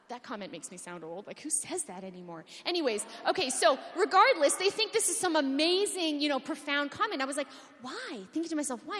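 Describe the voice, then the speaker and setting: Brief: high-voiced woman conference speaker, lively and joking, long hall reverb. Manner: animated, humorous, full of rhetorical questions. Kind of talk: conference talk.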